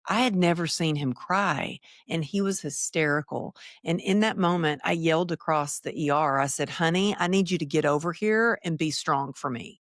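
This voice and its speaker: Low-voiced woman telling her story. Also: normal speed, few pauses, no room sound, studio quality. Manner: animated, acts out quoted dialogue. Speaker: podcast guest. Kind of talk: personal storytelling in an interview.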